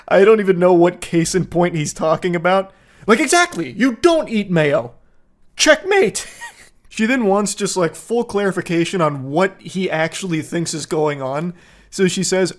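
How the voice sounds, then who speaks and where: Guy reading dumb texts out loud and roasting them, sarcastic and incredulous, kinda high voice. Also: animated, measured pace. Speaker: commentator. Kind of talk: comedic commentary reading text messages.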